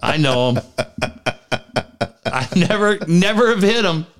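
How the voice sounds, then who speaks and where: A man's voice: sits high, unhurried, faint music behind. A middle-aged man co-hosting a podcast, telling profane stories in casual chat and acting out quotes. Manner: animated, profane storytelling with acted-out quotes. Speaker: podcast co-host.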